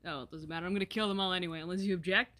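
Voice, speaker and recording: A woman performing a comedy sketch, voicing several characters in sarcastic, deadpan banter with casual swearing. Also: on the low side, racing.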